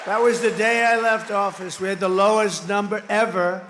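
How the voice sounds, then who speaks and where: A man's voice: high-pitched, fairly even intonation, moderate pace, crowd noise, background noise. A man giving a campaign rally speech at a podium microphone, combative and repetitive, with mocking asides. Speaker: political candidate. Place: large rally venue.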